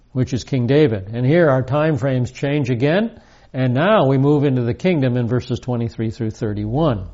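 Male Bible teacher with a mellow, unhurried delivery, slightly dull sound. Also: medium pitch. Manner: measured teaching, reads verses aloud with emphasis. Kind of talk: recorded Bible lesson.

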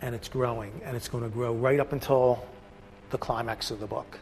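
A man of middle pitch leads a Bible study, reading a passage and then stopping to explain it in loose, everyday speech. He restarts sentences and searches for words as he goes, and a faint hiss sits under the recording. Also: steady tone, normal speed, darkish tone, rough recording. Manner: reads passages aloud, then breaks off to explain with restarts and asides.

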